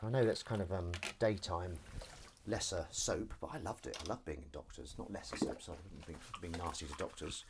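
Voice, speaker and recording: A man's voice: low voice, brisk, background noise. A middle-aged man, chatting casually on a live stream while washing up, reading comments aloud and laughing along. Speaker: live stream host and actor.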